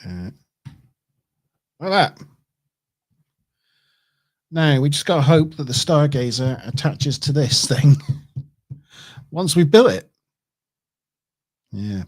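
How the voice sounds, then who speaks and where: A man's voice: a little high, big pitch swings, takes it slowly, long pauses, darkish tone. A man chatting casually on a livestream as he builds a model kit, thinking aloud, chuckling and correcting himself as he goes. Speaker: streamer.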